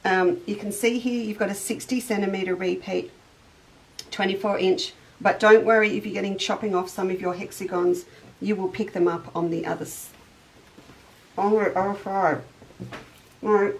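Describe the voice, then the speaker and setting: A woman's voice: mid-range voice, fairly even intonation, normal speed, gravelly, pauses often, a little hiss or hum, poor audio. A middle-aged woman hosting a casual live sewing chat, greeting viewers by name as she goes. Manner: chatty, greets viewers by name, eats on air. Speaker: shop owner and livestream host.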